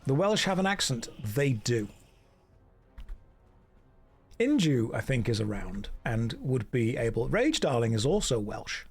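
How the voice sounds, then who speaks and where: A man's voice: medium pitch, big pitch swings, normal speed, slightly rough. A man chatting casually and joking dryly as he plays a game and answers his chat. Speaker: streamer. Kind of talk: casual chat while gaming.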